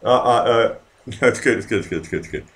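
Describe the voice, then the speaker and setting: This live-stream host talks fast in a low, fairly bright voice. Between drinks, he chats casually with his viewers, rambling, cursing heavily and addressing the chat.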